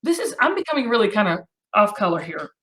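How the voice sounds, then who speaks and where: A middle-aged woman hosts a casual live chat, gushing and exclamatory, and now and then bursts into song. Her mid-range voice is a bit bright, very animated, and quick.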